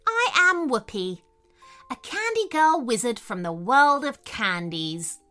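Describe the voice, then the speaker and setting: A woman's voice: high voice, sing-song, takes it slowly, sharp tone, faint music behind, voice pushed up, exaggerated voice. A woman voicing a sweet, welcoming little girl wizard made of candy magic in a children's storybook.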